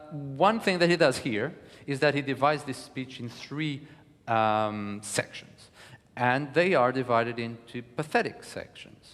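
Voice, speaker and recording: A man delivers a live lecture in a hall, halting often with fillers and restarts. His voice sits at a middle pitch, and a long reverb trails behind it. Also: fairly bright tone. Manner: hesitant, many fillers and restarts. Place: concert hall.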